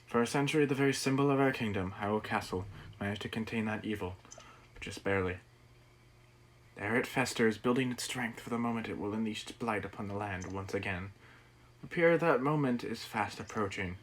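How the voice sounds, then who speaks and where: A man's voice: on the low side, fairly quick, fairly bright tone, a little hiss or hum, natural voice, poor audio. A man voicing a mysterious old man from a game, reading the dialogue aloud in a put-on accent. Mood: grave, measured.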